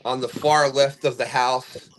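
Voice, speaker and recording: Middle-aged male host, rambling and chuckly, clear noise under the line. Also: medium pitch, little pitch movement, measured pace. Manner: chatty, laughs often, rambling storyteller. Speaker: livestream fishing host. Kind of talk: casual live chat.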